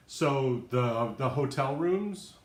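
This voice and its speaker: A man's voice: medium pitch, animated, takes it slowly. A man hosting a casual live stream from home, out of breath, chatty and laughing often as he rambles. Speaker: livestream host. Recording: echoey room.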